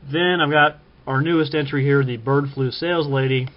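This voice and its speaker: A man from Kansas giving casual spoken commentary, halting with frequent ums and self-corrections. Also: mid-range voice, fairly even intonation, lo-fi sound. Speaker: vlogger ranking TV preppers.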